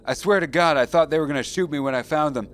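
A man voicing a frantic soldier who calls out loudly and is close to tears as he rescues his buddy. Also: medium pitch, fast talker, pitched above the performer's own voice, natural voice. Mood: tearful relief. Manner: shouting, emotional, near tears.

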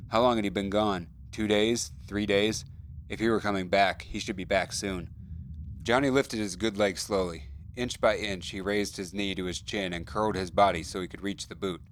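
A man reading a story aloud in a measured, somber way. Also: low voice, a little hiss or hum. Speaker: narrator. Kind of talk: audiobook narration.

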